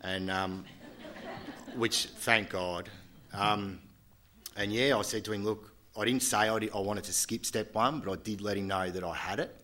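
A man giving a candid, halting personal testimony to a group at a recovery meeting, often restarting his sentences. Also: fairly low pitch, steady tone, fairly bright tone. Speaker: speaker sharing at a recovery meeting.

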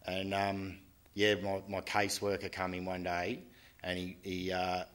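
A man giving a candid, halting personal testimony to a group at a recovery meeting, often restarting his sentences. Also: low-pitched, monotone, a bit bright. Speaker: speaker sharing at a recovery meeting.

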